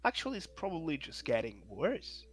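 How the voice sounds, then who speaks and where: A man's voice: a little high, huge pitch swings, moderate pace. A man running a tabletop game as game master, describing scenes hesitantly with fillers and restarts over an online call.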